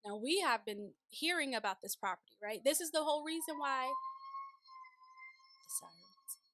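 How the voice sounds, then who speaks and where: A woman hosting a casual recap of a TV show, chatty and animated, slipping into playful voices when she paraphrases. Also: sits high, moderate pace, noisy background. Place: city home, sirens outside.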